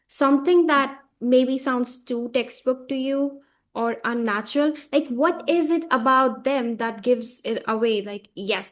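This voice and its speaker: A woman hosting an English learning channel, politely asking questions over a video call. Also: fairly high pitch. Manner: polite, soft-spoken questioner. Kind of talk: casual video call interview.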